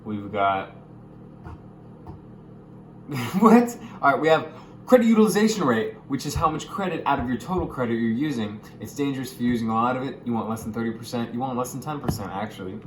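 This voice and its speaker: A young man explaining money topics in a casual vlog, goofy and jokey, with sudden loud, excited bursts. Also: medium pitch, fast talker, few pauses, roomy sound, slight background noise, low-quality recording. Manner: goofy, hyper bursts, calls viewers gamers. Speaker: YouTuber.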